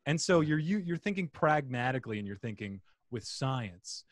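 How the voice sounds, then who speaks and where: A man hosting a podcast interview, jokey and quick to laugh, reading out listener questions. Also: medium pitch, animated, no echo, clean studio sound. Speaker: podcast host.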